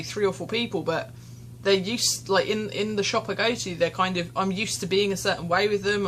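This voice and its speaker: A woman's voice: fairly low pitch, fairly bright tone, a little hiss or hum. A young woman vlogging candidly into her phone, rambling and self-deprecating, tearful and shaken. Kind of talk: candid confessional vlog. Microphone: phone camera.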